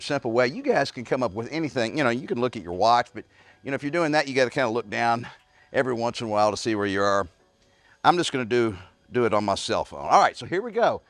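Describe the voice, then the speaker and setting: A man's voice: mid-range voice, dry recording. A man coaching a home workout, talking straight to his viewers and sometimes out of breath. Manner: energetic, talks straight to viewers as "guys". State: out of breath at times. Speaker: fitness coach.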